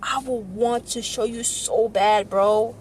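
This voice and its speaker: Passionate young woman vlogger, high voice. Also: steady tone, takes it slowly, a little mellow, a little hiss or hum. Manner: earnest, passionate, repetitive, tearful at times. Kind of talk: emotional personal vlog.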